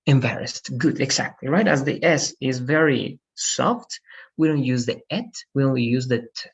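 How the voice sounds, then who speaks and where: A man runs an online English lesson, slowly modeling words and gently correcting his students. His voice is a little husky and the call audio sounds dull and lo-fi. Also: mid-range voice, lively intonation. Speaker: English teacher. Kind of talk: online class, pronunciation coaching. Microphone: video call.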